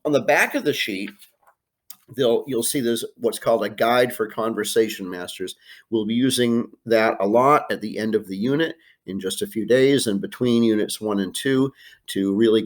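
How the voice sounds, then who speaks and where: American man teaching, low voice. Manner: plain explaining pace with frequent uh fillers, drops into Spanish phrases. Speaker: Spanish teacher. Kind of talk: screencast lesson walking through a worksheet. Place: home or classroom with art prints behind him.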